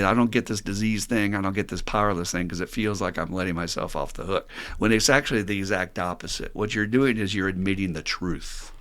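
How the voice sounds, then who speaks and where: A man's voice: on the low side, fairly bright tone. An older man, a podcast co-host in recovery, telling stories casually and animatedly, laughing often. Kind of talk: casual storytelling talk.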